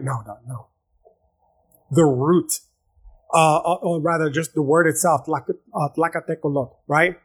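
A man talks through his subject on his own podcast, loose and profane, calling the listener "dog" and circling back on his own words. His voice sits a bit high for a man and has a husky grain. It comes across as casual, unscripted storytelling. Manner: explains at length with many fillers and restarts. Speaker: podcast host. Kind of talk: casual solo podcast lecture.

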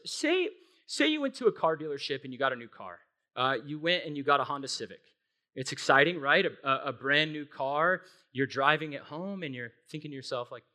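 A young adult man preaching a sermon in a conversational, animated way, often checking in with his listeners. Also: a little high, fairly quick. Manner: conversational, animated, frequent tag questions. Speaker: pastor.

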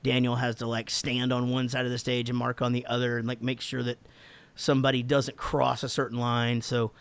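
A man's voice: medium pitch, monotone, brisk, creaky, smooth. An American man in casual podcast chat, answering fan questions with lots of laughing, swearing and restarts. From United States. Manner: laughing, profane, rambling with restarts.

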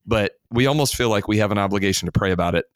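A man, a pastor, hosting a discussion and telling lively anecdotes from church life. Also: on the low side, very fast, clean tone, dry recording, studio quality. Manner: friendly, animated when acting out anecdotes. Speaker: pastor and podcast host. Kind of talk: hosted discussion.

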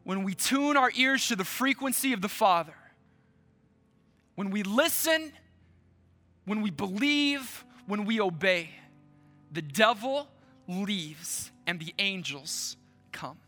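High bright-voiced guy preaching a church sermon, slow, leans hard on every line. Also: animated, faint music behind. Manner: slow, emphatic preaching with dramatic pauses. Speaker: pastor.

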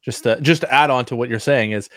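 A man's voice: mid-range voice, fast talker, no room sound. A man hosting a podcast, chatting casually and telling stories, acting out what people said. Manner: animated, storytelling, acts out quotes. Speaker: podcast host.

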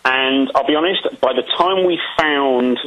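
A man being interviewed about making a film, answering in a casual, halting way with many ums and restarts. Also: mid-range voice, a bit bright, lo-fi sound.

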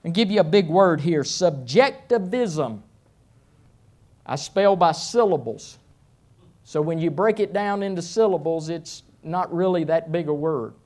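A middle-aged man preaching a sermon as pastor, speaking slowly and deliberately. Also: on the high side, a little mellow. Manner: slow, deliberate delivery.

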